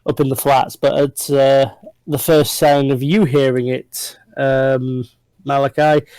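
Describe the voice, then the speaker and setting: A man narrating a tabletop game as game master, describing scenes in an unhurried way with frequent fillers. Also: medium pitch, level tone, darkish tone, dry recording, rough recording.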